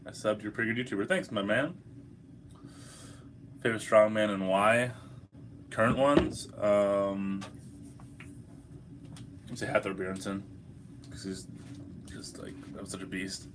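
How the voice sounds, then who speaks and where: A man's voice: fairly low pitch, unhurried, long pauses, noisy background. A young man hosting a casual livestream, hungover, reading chat questions aloud and answering in a laid-back, profane way.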